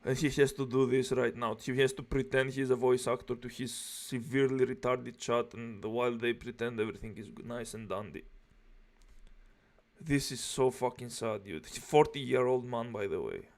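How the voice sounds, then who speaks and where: A man's voice: mid-range voice, moderate pace, vocal fry. A man reacting to a stream, scornful and foul-mouthed, with a harsh delivery. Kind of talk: commentary.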